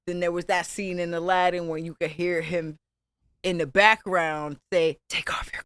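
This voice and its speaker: A woman's voice: on the low side, moderate pace, clean tone, no echo. Crude, joking young woman podcaster. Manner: crude, joking, animated storytelling. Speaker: podcast co-host. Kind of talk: casual chat.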